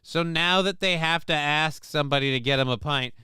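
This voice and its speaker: Male stream host, sarcastic and crude, rambles off chat; tense bright tone, very clean and dry sound. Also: fairly high pitch, fairly quick, smooth, no echo. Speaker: live-stream show host. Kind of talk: casual live-stream commentary reading chat.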